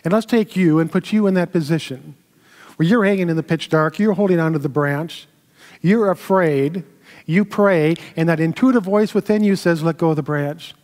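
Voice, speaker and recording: A man minister giving a sermon, telling a story in a slow, measured way with pauses. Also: fairly high pitch, darkish tone. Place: temple sanctuary. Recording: long hall reverb.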